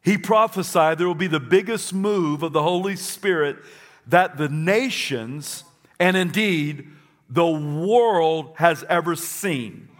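A man's voice: on the high side, slow pace. A man preaching a sermon to a congregation, emphatic and repetitive, leading them to say phrases back. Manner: emphatic, repeats phrases for the crowd. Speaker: pastor. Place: church.

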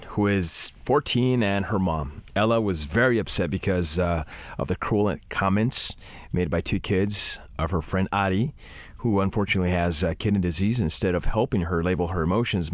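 A man's voice: low voice, no room sound. A man hosting a podcast panel, chatty and upbeat as he introduces skits. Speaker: podcast host.

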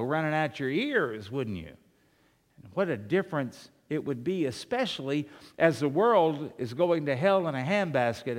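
A man preaching from the pulpit, his voice sitting a little higher than most men's. He fires off strings of rhetorical questions and swings between hushed asides and loud, pressing emphasis. A long reverb trails after his words, as in a big hall. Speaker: pastor. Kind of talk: sermon.

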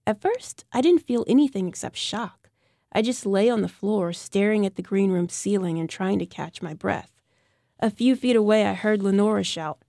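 A woman's voice: medium pitch, gravelly, mellow, dry recording, studio quality. A young adult woman reading a first-person novel aloud, with a tense, bitter inner voice. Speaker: audiobook narrator. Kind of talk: scripted first-person narration.

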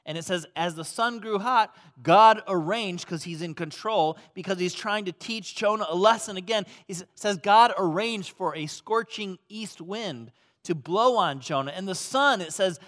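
A man preaching a sermon as pastor, swinging between loud emphasis and hushed, soft passages. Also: high voice, moderate pace, hardly any pauses. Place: church auditorium.

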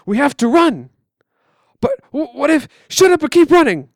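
A man voicing a frightened, bossy teenage older brother who yells impatiently. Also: sits high, a little fast, clear, resonant tone, no echo, studio quality, pitched above the performer's own voice, close to an everyday voice. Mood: angry. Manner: yelling, impatient.

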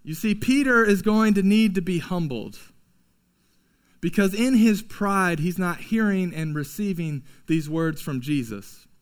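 High-voiced pastor preaching casually. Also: male voice, measured pace. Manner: casual, conversational preaching with slangy asides. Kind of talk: sermon.

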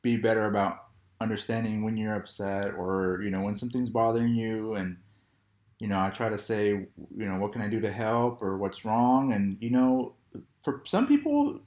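A man's voice: fairly low pitch, lively intonation, moderate pace, darkish tone. Young male co-host, easygoing storyteller, echoey room. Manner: laid-back, storytelling, laughs often. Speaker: podcast co-host. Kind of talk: casual chat.

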